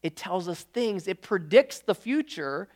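A pastor preaches in a loose, talky way, restarting his sentences as his thoughts race ahead. He breaks off now and then for a quick joke to the room. His voice is a man's, relaxed and personal. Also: high-pitched. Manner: lively conversational preaching with frequent restarts; jokey asides to the congregation. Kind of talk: sermon.

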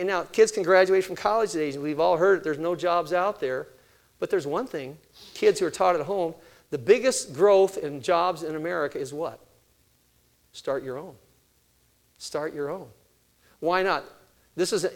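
An older man giving a sermon-style talk on parenting, animated, asking his listeners questions and answering them himself. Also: on the high side. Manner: animated, acts out family conversations. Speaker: parenting speaker.

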